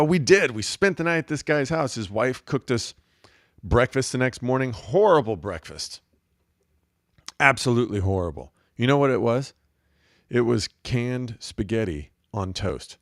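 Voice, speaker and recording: A man's voice: fairly low pitch, sing-song, moderate pace, dry recording, clean studio sound. A middle-aged man hosting a show in a rambling, joking monologue. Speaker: podcast host. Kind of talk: casual comedic monologue.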